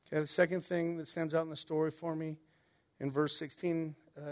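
A man with a notably high speaking voice delivers a relaxed, conversational sermon. He keeps checking in with his listeners with quick "right?" tags and questions to the congregation. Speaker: pastor.

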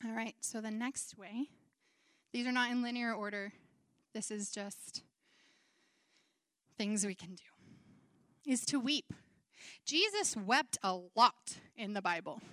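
A woman's voice: on the high side, slow, pauses often, bright, forceful tone, no room sound, clean studio sound. A woman preaching a sermon in an earnest, conversational way, acting out quoted feelings.

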